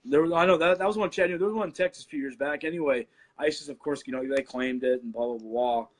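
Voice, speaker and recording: A man's voice: on the high side, rapid-fire. A man co-hosting a podcast, talking politics in a blunt, profane way. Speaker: podcast co-host. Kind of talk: casual political chat.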